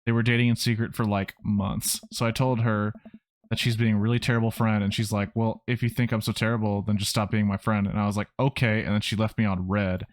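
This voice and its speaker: A man's voice: lowish voice, flat delivery, fairly quick, no echo, natural voice. A man reading a hurt, angry teenage girl. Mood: upset. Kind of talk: reading game dialogue aloud.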